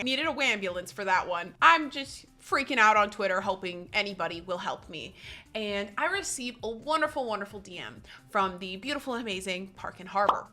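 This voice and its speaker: Bright-voiced young woman telling a story. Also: mid-range voice, lively intonation, normal speed, soft background music. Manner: dramatic, self-mocking, acts out her own panicked quotes. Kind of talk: storytelling vlog.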